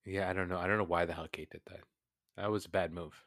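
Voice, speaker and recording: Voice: low voice, fairly even intonation, fast, fairly bright tone, no room sound, clean studio sound. A podcast co-host chatting casually and enthusiastically about a show, laughing often. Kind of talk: casual recap chat.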